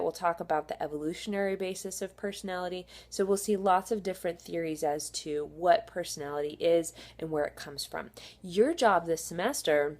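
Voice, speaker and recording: Low-voiced woman teaching casually. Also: a little mellow. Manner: conversational, with frequent fillers and restarts. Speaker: psychology instructor. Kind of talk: recorded lecture video.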